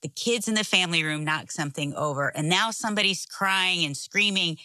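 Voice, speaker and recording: A woman's voice: fairly low pitch, fairly quick, bright, forceful tone, dry recording. A middle-aged woman co-hosting a casual talk show, telling a story with animation and frequent laughter. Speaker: podcast co-host, pastor's wife.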